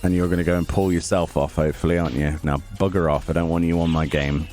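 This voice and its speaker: A man's voice: sits low, steady tone, fast, a little mellow. A man giving casual let's play commentary, grumbling and sarcastic as he plays. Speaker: gaming YouTuber. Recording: game music playing under the voice. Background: game music.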